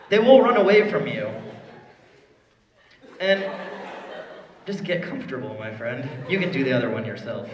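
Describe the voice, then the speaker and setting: A man giving a live spoken word performance, teasing a volunteer and swinging between hushed talk and yelling. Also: mid-range voice, expressive, moderate pace, pauses often, lo-fi sound, background noise. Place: performance hall before a live audience. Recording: echoey hall, voice caught from a distance.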